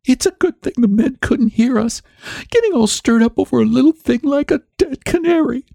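Man putting on a nervous sheriff's wife, high wavering voice, dry sound. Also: expressive, creaky, dry recording, full character voice. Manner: hushed, halting and nervous. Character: timid, frightened sheriff's wife.

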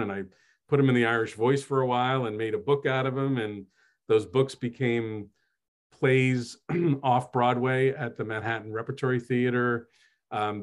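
Man from New Jersey, fairly low voice, rambling casual storyteller, lots of fillers. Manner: chatty, self-deprecating, many fillers. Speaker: podcast host and author.

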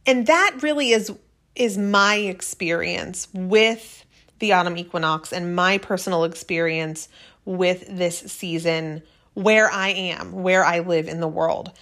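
A woman's voice: lowish voice, slow pace, a bit bright. A woman hosting a podcast, talking casually and rambling on in a chatty, friendly monologue. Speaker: podcast host.

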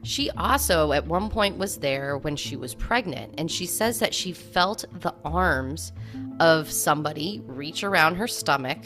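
A woman's voice: low-pitched, lively intonation, unhurried, music in the background. A woman co-hosting a podcast, casually recounting haunting stories with lots of "like" fillers. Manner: conversational storytelling, many "like" fillers. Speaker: podcast co-host. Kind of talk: casual chat about hauntings.

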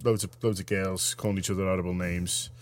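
Chatty man, low voice. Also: little pitch movement, quick pace, slight background noise. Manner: rambling, self-interrupting storyteller. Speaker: radio show co-host. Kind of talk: casual chat.

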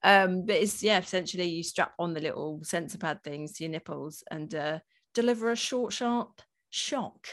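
Bright-voiced chatty woman. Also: fairly low pitch, moderate pace. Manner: chatty, laughs often, rambling. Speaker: podcast co-host. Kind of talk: casual chat.

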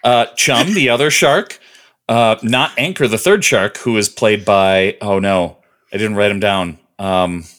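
A man with a fairly low voice co-hosts a podcast in loose, casual chat. He wanders through lists of trivia, filling the gaps with ums and uhs. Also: unhurried, a bit bright. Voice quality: rambling, listing trivia with many fillers. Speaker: podcast co-host.

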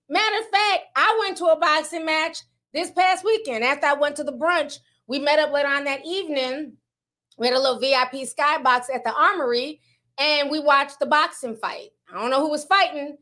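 Bright high-voiced chatty woman vlogger. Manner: chatty, laughs often, slangy asides. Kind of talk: casual gossip commentary.

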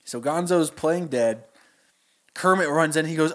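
Podcast co-host pitch: young man, higher voice, animated storyteller. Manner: animated storytelling, quick voice switches. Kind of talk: casual chat, pitching a story.

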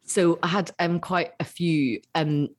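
A woman's voice: lowish voice, steady tone, measured pace, darkish tone. A Scottish woman in her forties, a guest in a casual podcast interview, telling stories with animation and frequent laughter. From Scotland.

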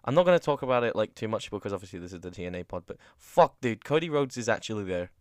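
A man co-hosting a casual podcast, loud, crude and mocking, who swears a lot. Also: fairly low pitch, sing-song, fast, dry recording, studio quality. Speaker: podcast co-host.

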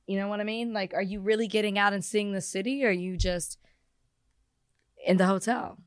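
A woman co-hosting a podcast in casual chat, teasing and quick to call her co-host out. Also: mid-range voice, steady tone, no room sound, clean studio sound.

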